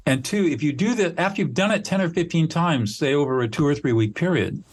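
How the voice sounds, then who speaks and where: A man's voice: fairly high pitch, lively intonation, brisk, slight background noise. An older man, a mediator being interviewed, explaining his method in an earnest, instructive way and sometimes acting out sample lines. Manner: earnest, instructive, acts out example dialogue. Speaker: mediator and trainer, guest. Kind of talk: conversational explanation.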